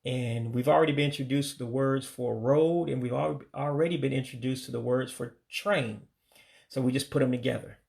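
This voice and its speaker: American man, gravelly voice, casual vocabulary lesson, repeats words slowly, gives English meanings. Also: medium pitch, a little mellow. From United States. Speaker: language learner teaching vocabulary.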